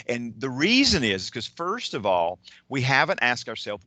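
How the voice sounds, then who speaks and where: A man's voice: mid-range voice, sing-song, normal speed, few pauses, sharp tone, no echo. A man giving a motivational keynote talk, enthusiastic and digressive, often restarting his sentences. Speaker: keynote speaker. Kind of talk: motivational talk on time management.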